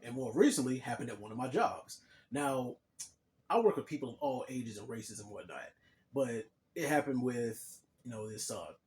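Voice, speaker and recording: A man's voice: mid-range voice, expressive, moderate pace, darkish tone. Young adult male vlogger with a mid-range voice and an easygoing, rambling delivery full of fillers; faint room noise underneath. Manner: laid-back and chatty, full of "like" and "you know"; addresses viewers directly. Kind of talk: casual storytelling monologue.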